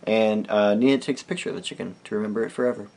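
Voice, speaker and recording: A young man tells a comic story straight to camera. His delivery is animated and chatty, with sudden loud, silly noises that he plays for laughs. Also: lowish voice, racing, vocal fry. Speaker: vlogger.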